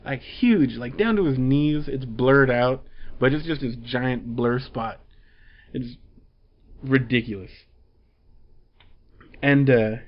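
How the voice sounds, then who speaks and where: A man's voice: medium pitch, muffled recording. A man reviewing a comic book in casual chat, rambling through the plot with fillers and chuckles.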